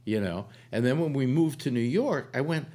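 An older man from California hosts a casual on-air radio conversation, rambling with lots of fillers like "uh" and "you know." His voice is mid-range and dark in tone, animated, at a moderate pace.

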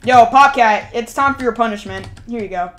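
Her voice fairly high and a little fast, the streamer addresses her chat while hollering at in-game characters, flipping between shouts and mutters and repeating herself constantly.

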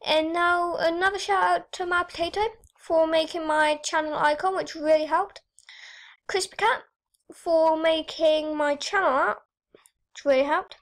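A teenage girl chatting excitedly while she plays an online game and thanks her subscribers. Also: extremely high pitch, measured pace. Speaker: YouTuber. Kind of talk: casual gaming vlog commentary.

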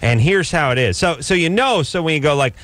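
A man hosting a radio call-in show, telling stories and ribbing callers in sarcastic, animated banter. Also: on the high side, a little fast, no echo.

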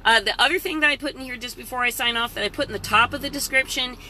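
A woman's voice: on the high side, fast, bright, forceful tone, slight background noise. A middle-aged woman hosting a casual live-stream from her parked truck, chatty and motivational. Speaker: vlog host. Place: parked truck at a rest area.

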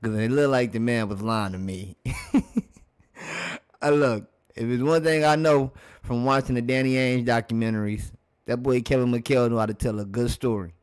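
A man's voice: medium pitch, normal speed, smooth. A man hosting a casual reaction video, commenting on old basketball footage, laughing often and talking straight to his viewers.

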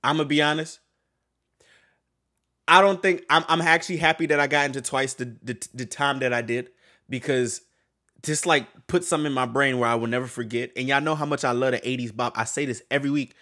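A man reacting to an album on his video channel, talking to viewers in an excitable, stammering way, swearing freely and laughing often. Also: mid-range voice, brisk. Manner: talks to viewers while reacting to songs. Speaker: music reaction YouTuber. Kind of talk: casual album reaction vlog.

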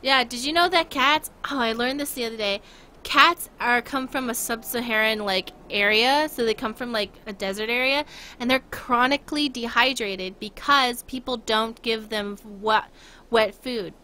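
A woman's voice: a little high, moderate pace, bright, forceful tone. A young woman streaming a game, chatting casually and rambling with giggles, talking to her chat and her dog.

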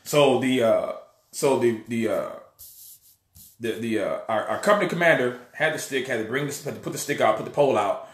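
Animated man telling a story, echoey room. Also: medium pitch, a little fast. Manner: animated storyteller, acts out voices, many restarts. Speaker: online preacher and channel host. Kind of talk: casual storytelling monologue.

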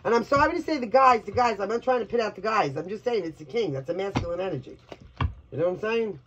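A woman's voice: medium pitch, animated, fast talker. Blunt New York tarot reader woman. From Brooklyn, New York. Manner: blunt, crude and chatty, with laughing asides. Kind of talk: collective tarot reading to camera. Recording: dull lo-fi audio with faint hiss.

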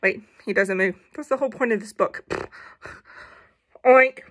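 A woman's voice: medium pitch, quick pace, fairly bright tone. A woman casually reading a children's picture book aloud, playful, with jokey asides and animal noises.

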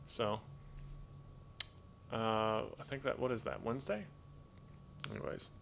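A man hosting a live stream from home, reading out donations in a rambling, halting way, full of fillers and restarts, grateful and thinking aloud. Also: lowish voice, expressive, creaky, a bit bright, slight background noise. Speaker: livestream host reading donations. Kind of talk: casual live-stream chat. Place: home with pet toucans.

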